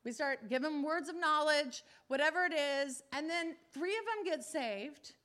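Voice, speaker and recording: A woman preacher telling a testimony in a sermon, animated, acting out the people she quotes. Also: sits high, a little slow.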